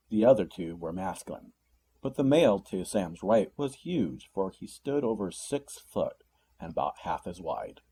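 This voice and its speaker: A man narrating a novella audiobook in an expressive, dramatic style. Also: fairly low pitch, breathy edge. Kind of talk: scripted narration.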